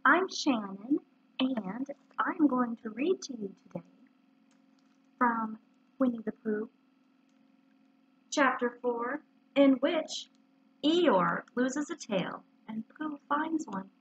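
A woman, a librarian, reading a children's story aloud in an expressive storytelling way, on a muffled lo-fi recording. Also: on the high side, slow pace, long pauses, husky.

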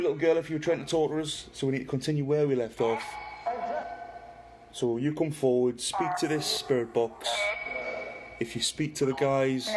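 Middle-aged Geordie man, mid-pitch, chatty livestream host; clear static hiss under the voice. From Newcastle, northeast England. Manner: chatty, reads viewer comments aloud, talks to a spirit box. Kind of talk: casual livestream chat.

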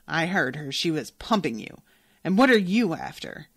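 A woman's voice: sits low, sing-song, normal speed, slightly rough, no echo, exaggerated voice. A woman reading aloud as a rude middle-aged man who barks scornfully. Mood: hostile. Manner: barking and scornful.

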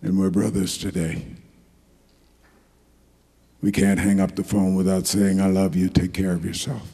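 A man's voice: deep voice, flat delivery, a little slow, mellow, breathy edge. An older man from New Jersey giving a folksy, rambling, joking acceptance speech at an awards ceremony in a large hall. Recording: echoey hall.

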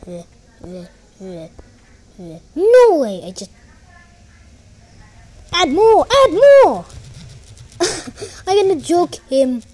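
A woman giving excitable, giggly commentary while playing a game. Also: fairly high pitch. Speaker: gamer. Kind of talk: gameplay commentary.

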